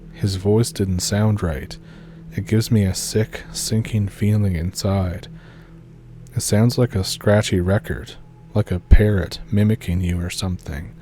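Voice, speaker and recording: A man reading a scary first-person story aloud in a steady, low-key scripted narration. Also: slight background noise.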